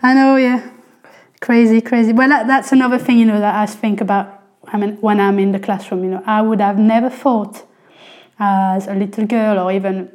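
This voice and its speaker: A woman's voice: mid-range voice, little pitch movement, normal speed, darkish tone. A woman from France in her forties with a French accent, chatting casually as an interview guest, with lots of "you know" fillers.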